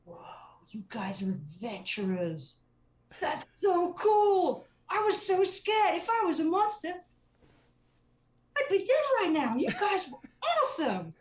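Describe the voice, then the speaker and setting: A woman voicing a bold, excitable young girl in a tabletop game. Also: sits high, moderate pace, echoey room, slight background noise, pitched above the performer's own voice. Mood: excited.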